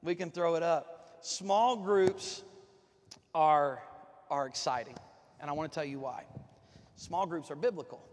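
A man's voice: a little high, measured pace, pauses often, slight background noise. A pastor, preaching a joking, folksy sermon to his congregation from the platform of a church. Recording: long reverb of a church hall.

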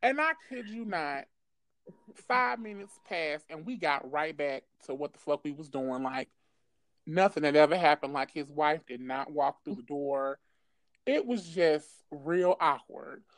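A woman's voice: low-pitched, measured pace, no room sound. A woman casually telling a wild personal story, cursing freely and laughing as she talks. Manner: profane, animated, laughs often.

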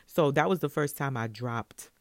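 A woman from Brooklyn, a hairstylist telling a story in a casual, animated way and laughing often. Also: very deep voice, normal speed, dry recording. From Brooklyn, New York.

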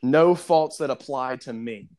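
A young man casually telling a story on a podcast, animated, acting out the people in it. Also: medium pitch, unhurried. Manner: animated storyteller, mimics customers.

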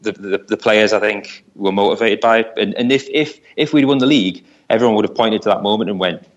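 A man's voice: fairly low pitch, fast, hardly any pauses, dull audio. A man, a Newcastle fan, telling a long football story in a casual podcast chat, often repeating words as he thinks.

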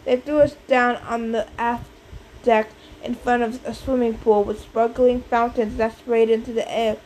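A woman narrating a storybook in a steady, even manner. Her voice is slightly high and mellow, with faint background noise in the recording. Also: moderate pace, rough recording. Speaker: audiobook narrator. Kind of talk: scripted narration.

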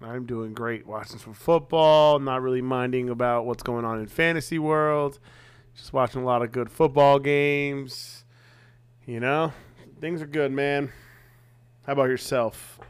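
A man's voice: medium pitch, measured pace, clear, resonant tone. A man co-hosting a casual sports podcast, joking and teasing his partner. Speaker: podcast co-host.

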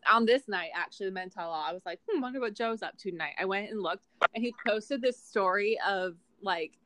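A woman's voice: medium pitch, fairly quick, dry recording. A young woman in her twenties co-hosting a casual chat podcast, telling stories with lots of laughs and swearing. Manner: laughing, swearing, animated storytelling. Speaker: podcast co-host.

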